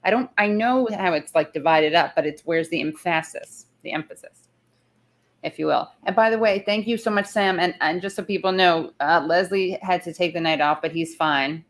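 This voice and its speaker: A woman's voice: lowish voice, moderate pace. A woman hosting a live chat show, talking casually, rambling and interrupting herself, and saying she is tired. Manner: chatty, rambling, self-interrupting. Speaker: show host. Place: in the city, not her usual spot.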